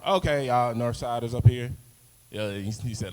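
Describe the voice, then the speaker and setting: A man's voice: medium pitch, moderate pace, darkish tone, long reverb tail, low-quality recording. A young man from Chicago's South Side doing a loose, rambling stand-up set at an open mic, full of fillers and chuckling at his own jokes. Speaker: stand-up comic. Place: open-mic stage in an arts space.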